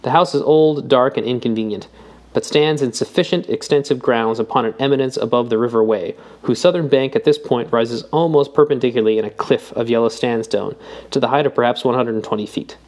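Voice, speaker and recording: A man's voice: mid-range voice, brisk, darkish tone, lightly acted. A man voicing an eager young man reading old papers aloud, his voice rising on questions.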